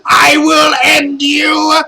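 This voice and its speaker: A man's voice: very high voice, completely flat delivery, vocal fry, voice pushed up, full character voice, rough recording. A man shrieking as a vengeful villain witch. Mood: vengeful fury. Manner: shrieking, drawn-out shouting.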